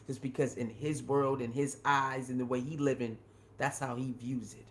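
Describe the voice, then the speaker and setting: A man's voice: mid-range voice, moderate pace. A man hosting his own commentary show, talking casually and emphatically with slang, often repeating his points. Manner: slangy and informal. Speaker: commentary channel host.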